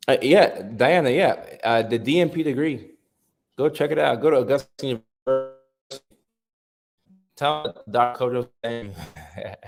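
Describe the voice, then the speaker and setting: A man's voice: fairly low pitch, vocal fry. A man in his thirties hosting a casual live stream, chatting loosely with viewers and reading their comments aloud with frequent restarts. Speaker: livestream host.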